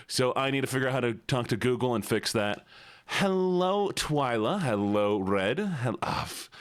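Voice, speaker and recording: A man streaming live, casually chatting and playfully greeting his viewers one by one. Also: medium pitch. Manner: chatty and joking. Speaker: livestreamer. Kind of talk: casual livestream chat.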